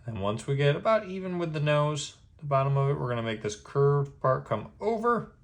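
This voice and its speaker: A man giving a step-by-step drawing lesson, patient and easygoing, checking in with a quick "okay?" after each step. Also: a little high, very animated. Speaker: drawing instructor.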